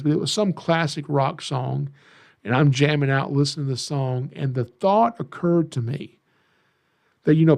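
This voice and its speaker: A gravelly, fairly high voice with a darkish tone comes from a middle-aged Southern man from Georgia, USA. He's a podcast host and snake educator who delivers an easygoing monologue of folksy tales that poke fun at himself.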